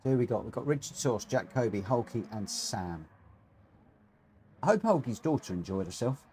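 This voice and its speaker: Lively man commentating a racing game. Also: medium pitch, normal speed, slight background noise. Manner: chatty, talks to himself and viewers, eager exclamations. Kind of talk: live gameplay commentary.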